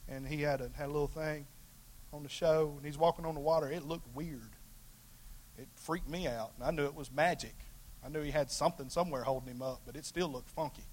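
A man preaching a sermon as pastor in a folksy, colloquial way, swinging between loud emphatic calls and hushed asides. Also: on the high side, steady tone, brisk.

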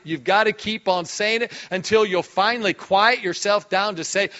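A male pastor preaching a sermon with lots of energy, dropping low and quiet, then breaking into sudden shouts. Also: normal speed, few pauses, muffled recording.

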